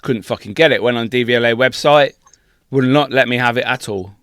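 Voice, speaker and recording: A man co-hosting a podcast, telling a travel story in a sweary, laughing, animated way. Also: medium pitch, brisk, clear, resonant tone, no echo, clean studio sound. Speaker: podcast co-host. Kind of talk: casual storytelling chat.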